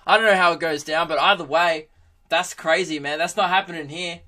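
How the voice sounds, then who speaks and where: A young man in his twenties hosts a podcast in a loose, comic monologue. His voice is bright and sits a little high. He jokes crudely, laughs often and keeps the energy animated. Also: brisk. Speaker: podcast host, comedian. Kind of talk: casual comedic monologue.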